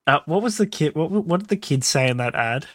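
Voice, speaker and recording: A young Australian man co-hosting a casual podcast, teasing with dry deadpan comebacks. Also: on the high side, fairly quick, no echo. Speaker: podcast co-host. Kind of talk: casual chat.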